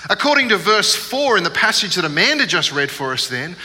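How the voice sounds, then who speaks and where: A pastor tells a funny story from the pulpit in a lively way. His voice sits a little high and sounds very bright. It echoes through a church hall over a faint hum. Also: brisk. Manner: humorous storytelling, animated. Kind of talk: sermon.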